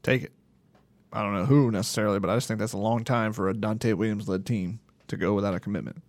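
Brief: male co-host, gravelly, measured sports opinions, dry close mic. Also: on the low side, steady tone, no room sound. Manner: thoughtful, hedging with "I think". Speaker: podcast co-host. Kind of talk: casual sports podcast banter.

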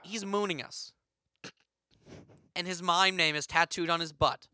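A man co-hosting a comedy podcast, teasing and playing along deadpan in casual banter. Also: sits high, unhurried, no room sound, clean studio sound. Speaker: podcast co-host.

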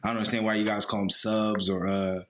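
A man's voice: on the low side, level tone, fast talker, a loud crowd. Blunt man, casual chat. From Philadelphia. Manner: blunt, profane, hesitant with fillers. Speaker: podcast co-host.

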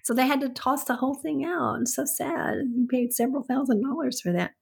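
A woman's voice: high-pitched, a little fast, creaky, slightly rough. An older woman with a Southern accent, co-hosting a podcast with her son, chatty and giving household tips. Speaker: podcast co-host, the host's mother. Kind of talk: casual chat.

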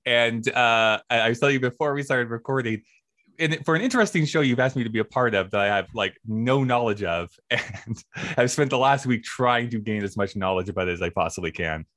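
A man guesting on a podcast in casual chat, easygoing and quick to laugh. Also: medium pitch, a bit bright, no echo, clean studio sound.

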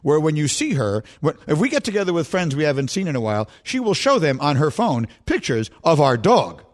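A man with a fairly high, fairly quick voice hosts a sports radio show into a studio microphone. He's an animated storyteller, trading casual banter and often cracking himself up with laughter.

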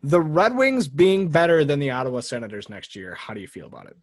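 Animated, laughing podcast host man. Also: on the high side, quick pace. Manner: animated, laughing, mock impressions. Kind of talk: casual sports podcast chat.

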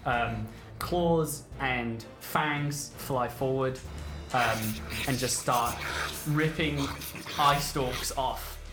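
A man running a tabletop role-playing game as game master, describing the action with many pauses. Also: medium pitch, roomy sound, music in the background.

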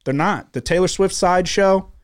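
A man's voice: high-pitched, normal speed, smooth. Profane ranting man. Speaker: podcast co-host. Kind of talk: casual sports chat. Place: studio.

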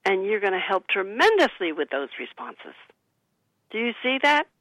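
An author talking about her book, coaching listeners gently and acting out soothing sample replies. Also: medium pitch, big pitch swings, moderate pace, dry recording, low-quality recording. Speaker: author and guest. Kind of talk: conversational advice talk.

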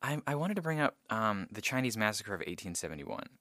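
Man, very low voice, bright edge, halting thoughtful podcast talk, dry close sound. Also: big pitch swings, no echo. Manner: thoughtful, halting with many ums. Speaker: podcast co-host. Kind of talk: casual discussion.

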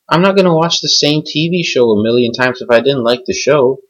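A man's voice: medium pitch, brisk, dull audio. A young adult man delivering an angry, cynical, profanity-heavy rant. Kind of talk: profane ranting monologue.

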